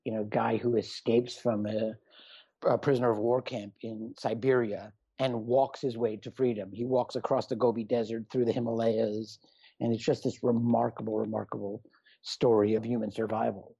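A man's voice: mid-range voice, little pitch movement, moderate pace, creaky, dark tone, breathy edge, no echo. A middle-aged man, a doctor and author, chatting as a guest in a rambling, self-deprecating way. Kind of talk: casual interview chat. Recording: muffled lo-fi sound.

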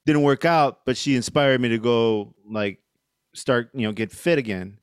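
A man's voice: medium pitch, normal speed, clean tone, dry recording. A middle-aged man, a podcast guest, telling a story casually with lots of fillers and swearing. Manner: rambling, profane, lots of fillers.

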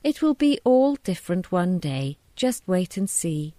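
A woman's voice: on the low side, big pitch swings, a little slow, mellow, dry recording, clean studio sound. A woman reading a polite, uncertain mother. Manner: polite, hesitant. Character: anxious polite mother visiting a village. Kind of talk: storybook reading.

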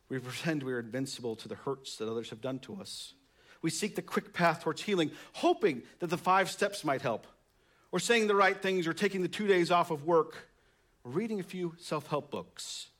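A man's voice: on the high side, expressive, moderate pace, a bit bright. A man preaching in a slightly raised voice. He reads scripture, then talks it through conversationally, pushing key words upward for emphasis. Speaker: pastor. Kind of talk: sermon.

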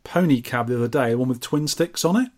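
A man co-hosts a retro gaming podcast, reading listener mail aloud and trading dry, teasing remarks and deadpan asides in casual chat. His voice is medium-pitched and he talks fast.

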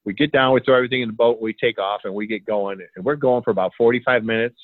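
A man telling a story in a casual, animated way, acting out the dialogue and chuckling as he goes. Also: medium pitch, fast talker, dry recording. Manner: animated, acts out quoted dialogue, chuckles often. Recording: tinny phone line, dry.

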